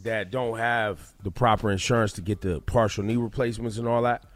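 A man's voice: lowish voice, steady tone, a little fast. A man hosting a morning radio show, joking bluntly and rambling loosely in casual banter from a studio mic. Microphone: studio microphone.

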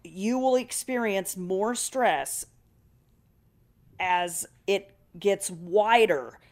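A woman co-hosting a radio show, chatty and quick to laugh, talking into a studio mic. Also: mid-range voice. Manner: chatty, laughs easily, defensive when teased. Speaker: radio co-host. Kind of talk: casual radio banter.

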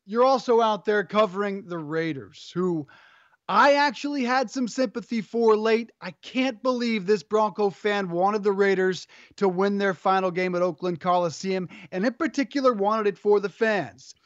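A high-pitched man hosts a sports talk show, upbeat and teasing. His voice is dry and close, with a dull, lo-fi edge. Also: moderate pace, no room sound.

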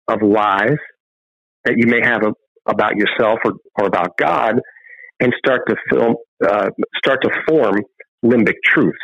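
A man's voice: fairly low pitch, no room sound. Male guest preacher-storyteller, fervent, acts out scripture voices, muffled remote line. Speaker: guest, filmmaker and ministry founder.

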